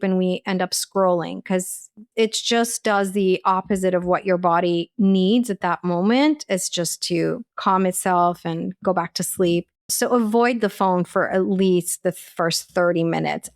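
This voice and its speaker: A woman's voice: on the low side, fairly even intonation, normal speed, few pauses, a little mellow, no echo, studio quality. A woman, a holistic nutritionist and life coach, giving earnest, practical advice as an interview guest, with a sprinkling of "like" and "you know".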